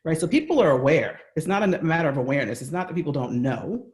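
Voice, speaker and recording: A man with an American accent speaks as a guest over a video call from his home. His voice sits a little high, and his talk is earnest and conversational, often checking in with the listener. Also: expressive, fast, few pauses, darkish tone. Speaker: guest speaker on workplace bias. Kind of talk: remote interview.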